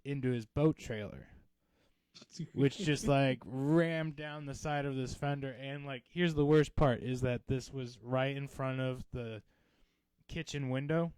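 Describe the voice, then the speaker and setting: Animated swearing podcast co-host man. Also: unhurried, smooth, dry recording. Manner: animated storyteller, swears freely, drops to low mumbles. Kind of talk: casual comedic chat.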